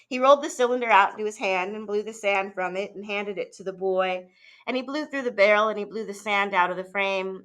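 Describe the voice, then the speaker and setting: A teacher reading a novel aloud in a measured, steady way, with a few small fillers and restarts. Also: female voice, mid-range voice.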